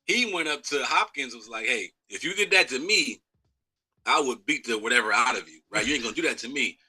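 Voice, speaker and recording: Bright, lively former football player. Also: male voice, mid-range voice, fairly quick, breathy edge, faint music behind, low-quality recording. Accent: American. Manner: lively storyteller who acts out quotes and laughs. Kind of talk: animated storytelling in a live interview.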